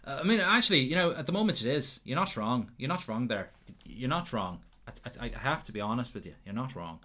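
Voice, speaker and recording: Male football-channel host, teasing banter, rapid restarts, average pitch. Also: expressive, bright, forceful tone. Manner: banter-filled, teasing, chatty with stammered restarts. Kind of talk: live football watchalong commentary.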